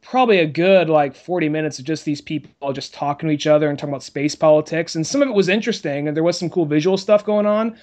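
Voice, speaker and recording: A man co-hosting a podcast in relaxed casual chat, heavy on fillers and casually profane. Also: a little high, fast, hardly any pauses. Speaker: podcast co-host.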